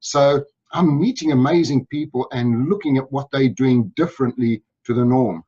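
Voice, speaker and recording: A man's voice: medium pitch, moderate pace, dark tone, slightly rough. Upbeat South African man, lo-fi audio. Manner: upbeat, enthusiastic storytelling. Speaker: guest sales speaker. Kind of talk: interview.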